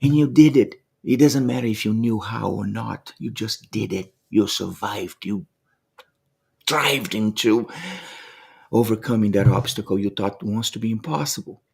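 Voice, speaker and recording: A man with a somewhat low voice shares reflective motivational thoughts in a vlog. He talks earnestly and from the heart, often circling back and repeating words as he searches for what to say. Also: a little slow, creaky, husky. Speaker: motivational vlogger.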